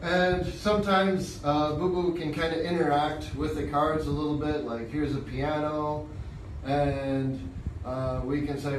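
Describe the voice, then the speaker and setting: A male English teacher explains his classroom methods in a relaxed, halting way. He speaks slowly, and his voice sits a little high. He is recorded from some distance in a roomy, echoey classroom with faint background noise. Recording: echoey room from far off.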